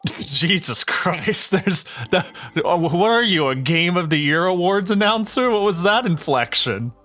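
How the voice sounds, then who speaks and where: A man's voice: high-pitched, lively intonation, a little slow, fairly bright tone. Male streamer, casual and jokey, cursing, lots of self-corrections. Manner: rambling, joking, swears often, frequent self-corrections. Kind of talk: casual gaming stream chatter.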